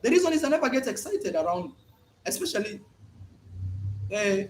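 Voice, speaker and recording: A man's voice: extremely high pitch, brisk, pauses often. A man vlogging at home, telling a story emphatically and repeating words for effect. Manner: animated, emphatic storytelling with repetitions. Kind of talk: casual vlog monologue. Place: at home, indoors.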